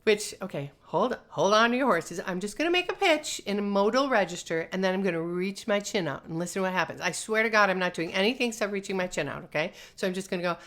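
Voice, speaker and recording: Reading viewer comments during her chatty live-streamed lesson, a North American voice teacher talks fast with few pauses. She's animated and sing-song, with a mid-range voice.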